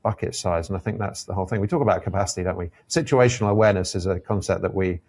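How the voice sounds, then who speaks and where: A man with a low, deep voice speaks as a guest on an interview podcast. He is an airline captain and talks in a thoughtful, measured way, working through his ideas step by step. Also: darkish tone, slightly rough. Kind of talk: reflective conversational interview.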